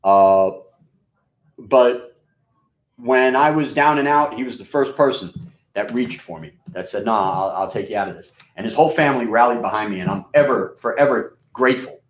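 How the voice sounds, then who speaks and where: This medium-pitched man talks at a moderate pace, his scratchy, rustic voice carrying a blended Queens-Bronx New York accent. He's a radio and video host rambling casually and profanely, full of fillers and false starts, and the room gives off a noticeable echo.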